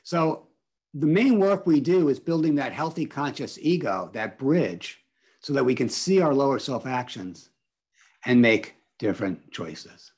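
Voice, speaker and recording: On a video call, a man guides an online spiritual workshop, cheering the group on and repeating what they answer. His mid-range voice is animated, a little mellow and slightly rough, delivered at a measured pace.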